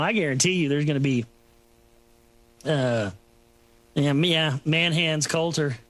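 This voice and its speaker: Male host, rambling monologue, mocking tone, slightly high pitch, bright edgy timbre. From Texas. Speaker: talk show host. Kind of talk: rambling solo commentary.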